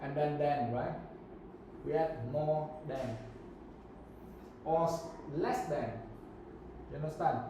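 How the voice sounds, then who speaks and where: A man's voice: fairly high pitch, slow, pauses often, roomy sound, background noise. A man teaching an English grammar lesson, often checking that students understand. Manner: checks understanding with repeated questions.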